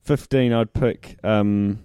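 A man's voice: lowish voice, fairly even intonation, takes it slowly, mellow, smooth, no echo, clean studio sound. A man co-hosting a podcast in casual chat, mostly giving short agreeing replies with some playful pushback. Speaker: podcast co-host.

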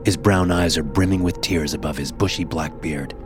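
A man narrating a first-person horror story in a hushed, somber manner. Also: deep voice, moderate pace. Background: music.

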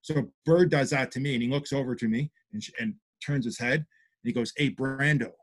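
A former hockey player guesting on a podcast tells stories with gusto, acting out quotes and peppering his casual chat with fillers. His mid-range voice moves fairly quickly, has a breathy edge, and carries no echo.

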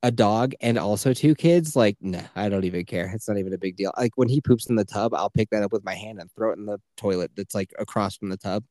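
A man in his thirties, a stay-at-home father, chatting casually on a podcast and telling animated stories with plenty of swearing and laughter. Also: fairly low pitch, fast, few pauses, dry recording. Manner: animated storytelling, swears freely, laughs often.

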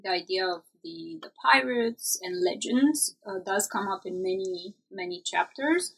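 A woman interviewer with a gravelly, husky voice asks an author long, winding questions. She pads them with frequent fillers and speaks at a medium pitch. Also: big pitch swings, a little slow, rough recording. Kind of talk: academic interview.

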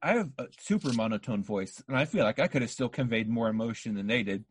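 A man's voice: medium pitch, expressive, quick pace, slightly rough. A man co-hosting a podcast, chatting casually and bluntly, scornful as he reviews a movie over a remote call. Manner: blunt, ranting, scornful of the film. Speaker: podcast co-host.

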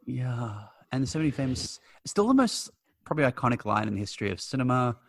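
A man's voice: mid-range voice, sing-song, creaky, no echo. A man chatting enthusiastically about old films as a podcast co-host. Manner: chatty, enthusiastic, quick asides. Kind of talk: casual film chat.

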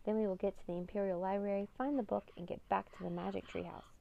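A woman voicing an eager, curious young boy who asks excited questions. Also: medium pitch, quick pace, vocal fry, muffled recording, natural voice.

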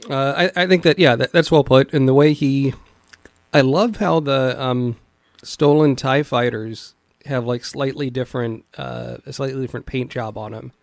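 Gravelly-voiced man chatting thoughtfully. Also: mid-range voice, normal speed, dry recording, clean studio sound. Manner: relaxed, thoughtful, hesitant with fillers. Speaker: podcast co-host. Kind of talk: casual chat about a cartoon series.

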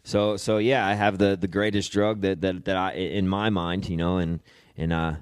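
A young man, a podcast guest, telling his own story in a halting way, repeating words and swearing casually. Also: deep voice, little pitch movement, clear, resonant tone, dry recording, clean studio sound. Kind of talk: personal storytelling.

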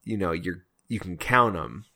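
A man's voice: low-pitched, expressive, normal speed, gravelly, sharp tone. A man co-hosting a podcast, talking over films in a thoughtful, hesitant way that often trails off. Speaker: podcast co-host. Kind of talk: casual film discussion.

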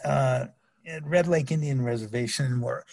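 A man's voice: medium pitch, normal speed, vocal fry, darkish tone. An older man, a former wrestler, telling rambling anecdotes in an interview, full of restarts and laughter. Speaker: guest, former pro wrestler. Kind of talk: storytelling interview.

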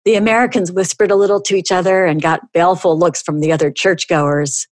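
Woman, middle-aged, podcast host, storytelling, animated, lowish voice, dry close mic. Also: fairly quick, dry recording. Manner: animated storytelling, bursts higher for dialogue. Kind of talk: reading stories aloud.

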